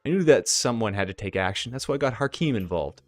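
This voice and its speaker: A man's voice: lowish voice, animated, quick pace, dry recording, close to an everyday voice. A man doing a haunted young elf woman. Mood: bitter. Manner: shaky, urgent, fearful.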